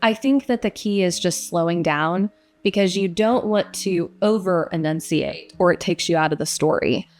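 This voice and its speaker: A woman's voice: fairly low pitch, normal speed, a little mellow. A young woman who narrates audiobooks, answering interview questions in a casual, reflective way with frequent fillers.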